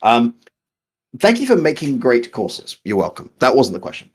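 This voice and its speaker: A man's voice: mid-range voice, huge pitch swings, moderate pace, slightly rough. A man co-hosting a casual live stream, reading out viewer questions and joking as he rambles over a call.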